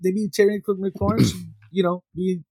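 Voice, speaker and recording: A man's voice: sits high, steady tone, a little slow, dark tone. A man co-hosting a fantasy football podcast, chatty and hesitant, often laughing mid-sentence. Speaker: podcast co-host. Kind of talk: casual fantasy football banter.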